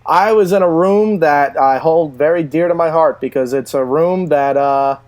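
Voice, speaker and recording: A man's voice: on the high side, normal speed, a little mellow. A man co-hosting a casual podcast chat, rambling with lots of fillers and laughter as he tells stories. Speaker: co-host.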